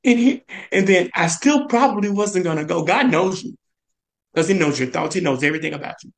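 A man telling a personal story in earnest, his voice carrying a gravelly edge. He pauses often on "and, uh" as he goes. His pitch leaps up when he quotes other people. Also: lively intonation, poor audio. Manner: halting, many "and, uh" fillers. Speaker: guest chef.

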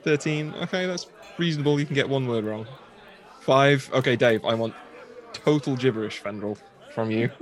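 A man acting as game master for a tabletop role-playing game, quick with rulings and laughing often. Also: mid-range voice, a faint crowd.

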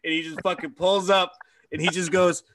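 A man co-hosting a podcast and telling animated, profane stories about his hockey days. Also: high-pitched, moderate pace, slight background noise. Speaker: podcast co-host, former hockey player. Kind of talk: casual podcast chat.

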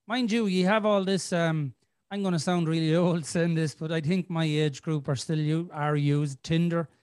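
A man's voice: a little high, steady tone, normal speed, a little mellow, clean tone, no echo, clean studio sound. A middle-aged man, hosting a podcast as a rambling storyteller who swears freely. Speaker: podcast host. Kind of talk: casual chat.

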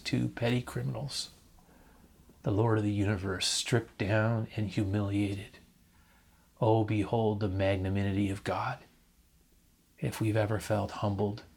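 A male preacher delivers a reflective sermon at an unhurried, deliberate pace. His voice sits low with a husky edge, rising to emphatic points and pausing to invite the congregation to repeat after him.

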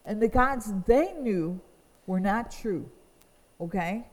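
A woman's voice: mid-range voice, animated, slow, long reverb tail, low-quality recording. A woman teaching from the Bible, reading verses aloud and explaining them earnestly. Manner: reads scripture aloud, then explains it earnestly.

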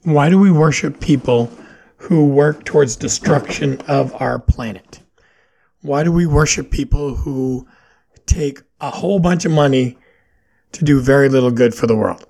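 Male podcast host, raspy with vocal fry; opinionated, questioning, loose and unscripted. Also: medium pitch, a little slow, pauses often, darkish tone. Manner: questioning, opinionated rambling with fillers. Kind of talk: solo podcast monologue.

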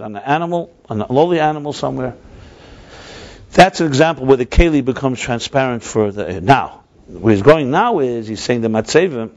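A man's voice: fairly high pitch, muffled recording. A man teaching a religious class in a discursive lecture, often correcting himself mid-sentence and mixing in Hebrew and Yiddish terms. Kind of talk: explanatory lecture.

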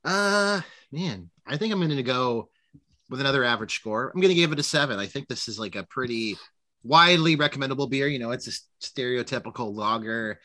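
A young man from Canada co-hosting a casual beer review, chatty and animated. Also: medium pitch, fairly quick. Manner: chatty, animated, laughs easily. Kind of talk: casual chat.

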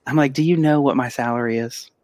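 A man co-hosting a podcast, telling an animated, casual story and acting out the quotes. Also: mid-range voice, fast talker, no room sound. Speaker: podcast co-host; pediatric physical therapist. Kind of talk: casual chat.

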